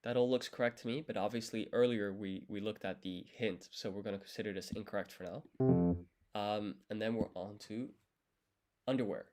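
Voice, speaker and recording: A man's voice: lowish voice, steady tone, brisk, a little mellow, faint music behind. A young man studying on a live stream, counting strokes aloud and explaining each step patiently as he writes. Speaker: language learner streaming his study. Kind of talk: casual live study session, thinking aloud.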